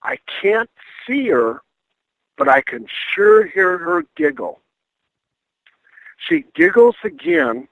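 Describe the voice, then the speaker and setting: A middle-aged man, a paranormal investigator, telling a ghost story in a casual, animated way and acting out the voices he quotes. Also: high-pitched, slow, creaky, long pauses, dry recording. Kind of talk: casual storytelling on a radio call-in. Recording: dry tinny phone line.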